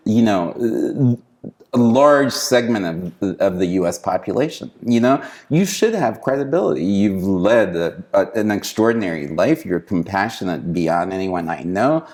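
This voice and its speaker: A man's voice: on the low side, big pitch swings, measured pace, a little mellow. A man from Haiti, a guest in a conversational interview, talking earnestly and encouragingly with frequent restarts and repeated words.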